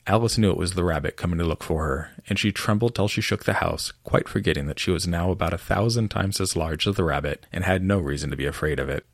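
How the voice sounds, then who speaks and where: A man reading a storybook aloud as narrator in an expressive, measured way. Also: sits low, vocal fry, dry recording, studio quality.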